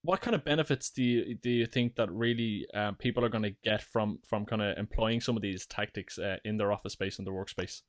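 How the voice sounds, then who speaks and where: A man's voice: fairly low pitch, fairly quick, hardly any pauses, no room sound. A man hosting a podcast interview, asking questions in a hesitant way with fillers. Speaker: podcast host.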